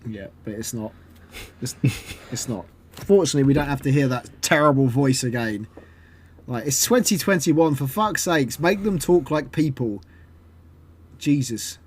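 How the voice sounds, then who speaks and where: A man's voice: medium pitch, lively intonation, normal speed, pauses often, a little mellow, breathy edge. A man hosting a podcast, chatting casually, swearing a lot and mimicking voices as he rants. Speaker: podcast host.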